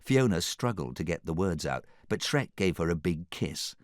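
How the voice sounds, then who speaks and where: Animated male storybook narrator. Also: sits low, normal speed, no room sound, clean studio sound. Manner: animated, expressive reading. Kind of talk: audiobook narration.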